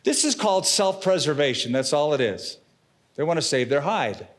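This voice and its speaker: A middle-aged male pastor delivers a sermon with dramatic, expressive phrasing and casual slang. His voice sits a little on the high side. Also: normal speed.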